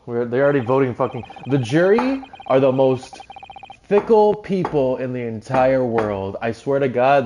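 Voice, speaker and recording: A man's voice: medium pitch, noisy background. A man commentating a game live, swearing and exasperated. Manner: profane, exasperated. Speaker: streamer. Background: game music.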